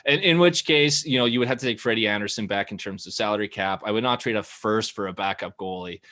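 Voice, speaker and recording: Bright-voiced skeptical man. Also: lowish voice, quick pace. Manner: blunt, skeptical. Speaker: podcast panelist. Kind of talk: casual sports chat.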